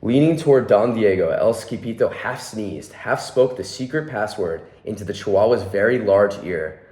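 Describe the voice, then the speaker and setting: A young man with a fairly low voice reads a picture book to children. He pauses to point out what is happening in the pictures. The recording is roomy and echoing. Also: expressive, a little mellow. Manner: adds friendly asides about the pictures. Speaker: children's hospital volunteer reader. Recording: echoey room.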